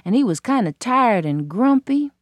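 A woman's voice: on the high side, very animated, moderate pace, dry recording. Woman telling a folk tale, bouncy rhythm, fun sound words, dry close voice. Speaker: storyteller. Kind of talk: folktale storytelling.

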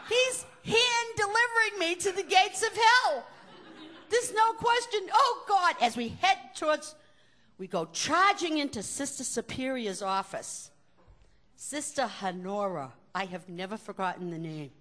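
An older woman telling personal stories to a live audience in an animated, conversational way with wry asides. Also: a little high. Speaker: storyteller.

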